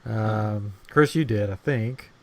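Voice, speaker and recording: A man's voice: on the low side, slow pace. A man hosting a podcast in casual chat. He is upbeat and teasing, and he often laughs. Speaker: podcast host.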